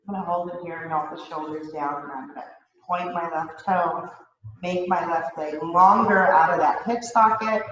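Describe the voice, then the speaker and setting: A woman leading a yoga class, chatty and relaxed, laughing at herself and a little out of breath. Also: mid-range voice, heavy reverb, distant mic, dull audio. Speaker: yoga instructor. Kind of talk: guided yoga class instruction. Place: yoga studio.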